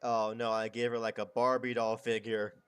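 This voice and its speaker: A man's voice: fairly low pitch, little pitch movement, moderate pace, smooth, no echo, soft background music. A man chatting casually to his stream as he draws, rambling, muttering and swearing. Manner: rambling, muttering to himself, crude slang. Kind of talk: casual chat while drawing.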